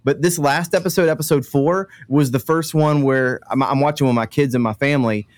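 A man's voice: medium pitch, a little fast. A middle-aged man hosting a casual podcast chat, talkative and self-deprecating, with frequent fillers. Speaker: podcast host.

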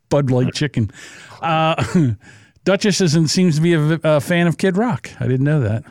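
A man co-hosting a podcast who laughs a lot and swears freely. His voice is a touch higher than most men's, and the mic sounds close and dry. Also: expressive, measured pace, darkish tone, dry recording. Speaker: podcast co-host. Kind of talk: casual podcast banter.

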